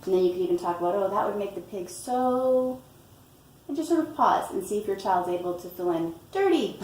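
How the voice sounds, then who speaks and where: A woman reading a picture book aloud and explaining storytime tips in a patient way, often pausing with "um" and "you know". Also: medium pitch, expressive, darkish tone, slight background noise. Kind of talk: instructional read-aloud tutorial. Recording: roomy, from a distance, faint ambience.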